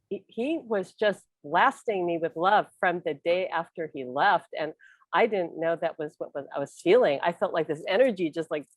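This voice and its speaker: A woman's voice: fairly low pitch, no room sound. A middle-aged woman hosting a casual spiritual chat, talking earnestly and rambling with restarts. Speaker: host.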